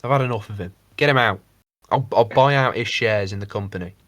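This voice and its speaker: A man co-hosts a casual podcast in a somewhat low voice. He rambles, swears freely and slips into mocking impressions. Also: fairly quick, a bit bright, no room sound. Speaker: podcast co-host. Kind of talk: casual chat.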